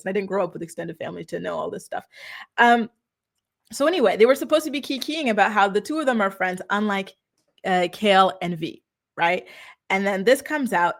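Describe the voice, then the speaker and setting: Snarky gossip-commentary woman, higher voice. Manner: sarcastic and snarky. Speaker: commentary channel host.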